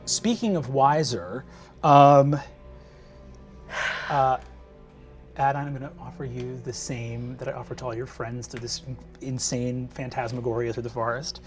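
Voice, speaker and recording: A man's voice: medium pitch, fairly even intonation, faint music behind. A man as game master narrating a tabletop game, hesitant with frequent fillers. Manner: hesitant, many ums, quick asides.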